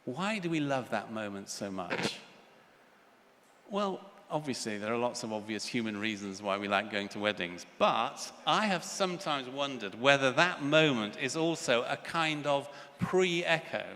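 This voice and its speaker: A man's voice: mid-range voice, lively intonation, a little slow, fairly bright tone. Older man, conference lecture, earnest storyteller, echoing large hall. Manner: earnest, storytelling with child voices. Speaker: conference speaker. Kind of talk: plenary lecture. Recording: reverberant hall, faint ambience.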